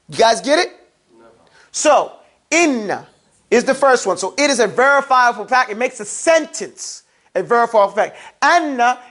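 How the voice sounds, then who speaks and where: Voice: mid-range voice, a bit bright. Classroom teacher, call-and-response drills, casual explaining, plain examples, students nearby. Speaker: Arabic grammar teacher. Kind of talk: interactive classroom lesson.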